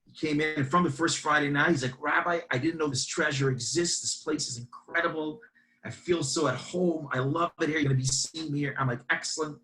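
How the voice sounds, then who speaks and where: A man, a campus rabbi telling a story in a webinar and acting out both sides of the dialogue with lively energy. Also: on the high side, a little fast, low-quality recording. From Brooklyn, New York. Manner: animated, acts out dialogue.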